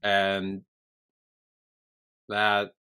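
Bright-voiced young man recapping a show. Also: on the low side, completely flat delivery, very slow, clear, resonant tone. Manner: rambling, swears freely, acts out characters' lines. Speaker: podcast co-host. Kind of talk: casual recap chat.

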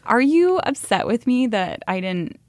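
A woman's voice: a little high, sing-song, measured pace, darkish tone, no echo, clean studio sound. A woman hosting a podcast interview, talking in a candid, reflective way. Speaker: podcast host.

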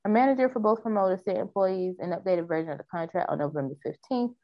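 A woman's voice: mid-range voice, quick pace, no echo, muffled recording. A woman co-hosting a casual talk show, reading news stories aloud and discussing them. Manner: reads news aloud, then chats loosely. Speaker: podcast co-host reading news.

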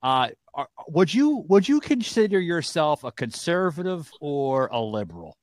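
A man's voice: fairly high pitch, sing-song, normal speed, dry recording. A man hosting a political talk show, teasing his guests and cutting in to steer the conversation. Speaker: host.

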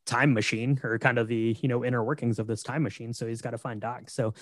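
A man's voice: medium pitch, fairly even intonation, fast, no echo. A man co-hosting a podcast, walking through a film's story in an easygoing, conversational way. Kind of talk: casual film recap chat.

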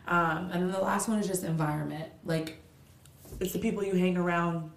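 A woman's voice: fairly low pitch, steady tone, normal speed, vocal fry, reverberant. A woman hosting a solo podcast, ranting in a candid, blunt, profane and motivational way, tired and with a stuffy nose. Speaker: podcast host.

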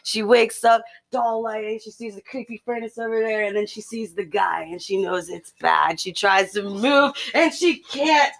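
A young woman casually telling a gruesome horror story to friends, animated and full of "like" and "you know". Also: mid-range voice, normal speed, creaky, hardly any pauses.

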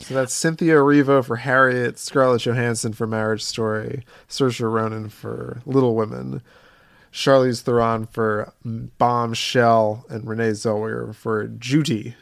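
A man co-hosts a podcast with a gravelly, fry-laden voice, recorded close and dry. His remarks are wry and casual. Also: medium pitch, steady tone, moderate pace, no room sound. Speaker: podcast host. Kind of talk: casual chat.

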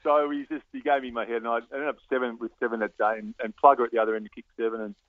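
Fast-talking Australian man on a phone line. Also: mid-range voice, no echo. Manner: lively anecdotal, laughs often, halting restarts. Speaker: former footballer guest. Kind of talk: phone interview storytelling.

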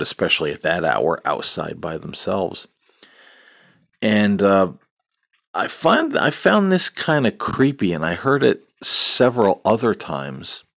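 A man's voice: low-pitched, animated, unhurried, vocal fry, fairly bright tone, dry recording. A middle-aged man hosting a podcast, telling a personal ghost story in a rambling way with many fillers and restarts. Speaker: podcast host.

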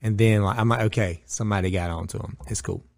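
Guy, lowish voice, casual podcast storyteller, dry close sound. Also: fast talker, vocal fry, no echo. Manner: animated, swearing, acts out quoted people.

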